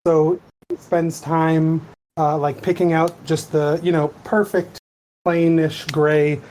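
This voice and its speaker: A man's voice: a little high, level tone, takes it slowly, a little mellow, slight background noise, rough recording. A man co-host narrating a story in casual chat, rambling and hesitant with many fillers.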